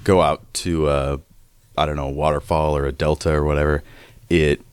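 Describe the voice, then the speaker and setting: A man with a very low voice runs a tabletop game, describing scenes in a loose, rambling way full of restarts. The recording is dry and close, with no room sound. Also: level tone, normal speed, clear, resonant tone, dry recording. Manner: rambling, many fillers and restarts. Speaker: game master.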